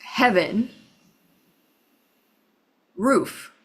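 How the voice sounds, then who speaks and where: A woman calls out guesses in a party game one word at a time, drawn out very slowly in a mid-range voice. Her delivery stays flat and listing. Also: a little high, husky, poor audio. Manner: lists single-word guesses flatly. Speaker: game player.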